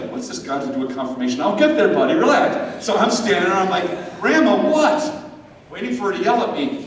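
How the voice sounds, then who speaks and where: A man giving a confirmation talk, telling a personal story with animated energy and speaking straight to his young audience. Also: high voice. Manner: animated, addresses audience directly. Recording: echoey hall, distant mic.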